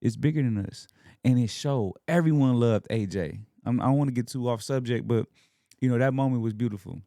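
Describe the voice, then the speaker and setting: A man's voice: medium pitch, fairly quick, warm tone, no echo, clean studio sound. A young man from Alabama, talking as a podcast guest in an earnest, emotional way about his faith and family. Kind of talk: casual heartfelt conversation.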